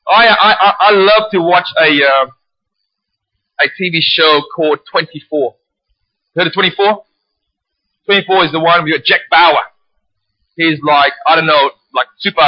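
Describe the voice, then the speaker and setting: A male pastor preaching a passionate sermon, swinging from quiet earnest stretches to shouted, animated storytelling. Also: fairly high pitch, normal speed, long pauses, no echo, muffled recording.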